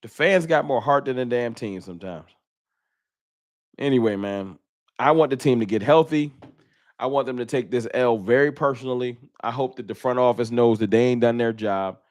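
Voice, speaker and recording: A man's voice: medium pitch, moderate pace, no room sound, clean studio sound. A man hosting a casual fan livestream, reading super chats and venting with frustration and bursts of laughter. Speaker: fan channel host.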